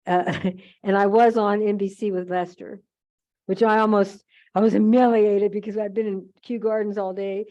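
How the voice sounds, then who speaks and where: A woman's voice: mid-range voice, little pitch movement, moderate pace, dark tone, highs cut off. An older woman from the United States, a chatty storyteller who acts out the other voices while she demonstrates a craft. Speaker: craft demonstrator at a museum holiday event.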